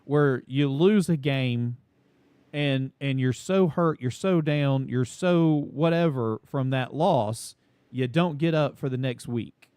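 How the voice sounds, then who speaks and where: A man's voice: medium pitch, slow pace, darkish tone, clear, resonant tone, no echo. A man co-hosting a casual college football talk show, folksy and drawn out when making a point.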